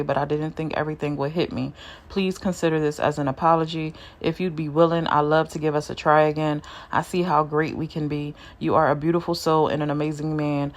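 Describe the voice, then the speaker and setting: A remorseful woman begging her ex to take her back, as read aloud by a gossip vlogger. The voice sits very low and flat and sounds set back from the mic, with a slow, hushed delivery. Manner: low, slow, subdued reading voice.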